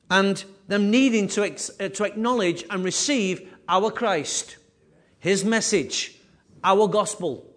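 A man preaching a sermon with emphatic, repetitive phrasing, his voice rising and falling in loudness. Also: high-pitched. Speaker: pastor.

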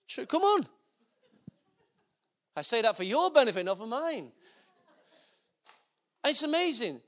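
Very high-voiced man preaching. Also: sing-song, measured pace. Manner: conversational, joking preaching with asides to the audience. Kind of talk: sermon.

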